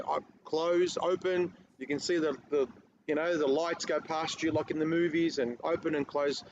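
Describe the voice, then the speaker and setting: A man, a guest telling a rambling story in casual podcast chat. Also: fairly high pitch. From Australia. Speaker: guest car detailer. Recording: muffled lo-fi audio with faint noise.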